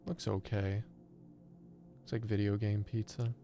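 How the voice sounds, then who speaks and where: A man's voice: lowish voice, flat delivery, unhurried, dark tone, soft background music. A man streaming a horror game live, chatting and mocking the player character with casual swearing. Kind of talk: live gameplay commentary.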